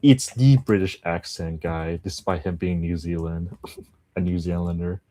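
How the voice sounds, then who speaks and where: A man's voice: deep voice, fairly even intonation, a little slow, warm tone. A man livestreaming his language study, chatting casually with viewers, rambling and laughing often. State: just woke up.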